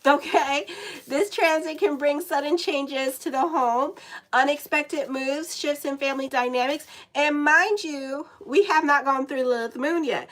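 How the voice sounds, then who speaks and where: Chatty higher-voiced woman astrologer. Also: a little slow, a bit bright, poor audio. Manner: chatty, swears and laughs at her own asides. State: sick, dry lips. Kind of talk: casual horoscope reading.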